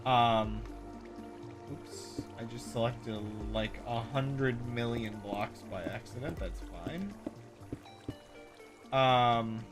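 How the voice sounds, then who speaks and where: A man's voice: medium pitch, very slow, pauses often, loud music behind the voice. A man streaming and chatting casually while tired, his voice crackly as he rambles with many fillers.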